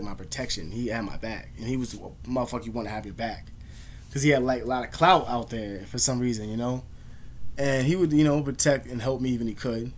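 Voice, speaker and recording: A man's voice: medium pitch, a little hiss or hum. A young man vlogging, telling casual, slangy, profanity-heavy stories in a laid-back way. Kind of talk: casual storytelling.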